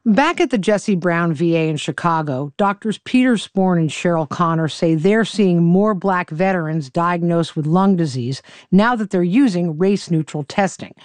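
Lady reporter reading a radio news piece, steady scripted voice, dry studio sound. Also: fairly low pitch, no room sound. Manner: measured, even storytelling delivery. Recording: dry close studio voice-over.

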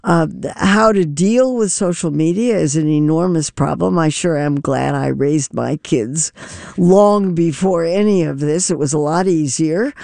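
Older woman with a gravelly, mellow voice. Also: low-pitched, unhurried, no room sound. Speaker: nutrition expert guest. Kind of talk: radio call-in interview.

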